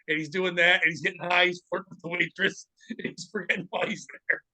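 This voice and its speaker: A man's voice: high-pitched, fairly even intonation, quick pace, pushed and bright, rough recording. A man hosting a casual comedy podcast, reading news stories aloud with laughter and acting out the people in them.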